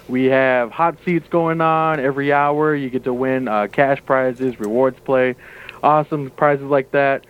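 Upbeat man on a tinny phone line. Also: a little high. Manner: upbeat, many "uh" fillers. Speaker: guest, casino staff member. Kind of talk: promotional radio interview by phone.

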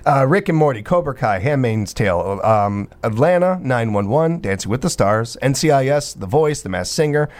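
A man hosting a morning radio show, chatting casually with a co-host, with quick asides and frequent restarts. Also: medium pitch, animated, darkish tone. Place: radio studio.

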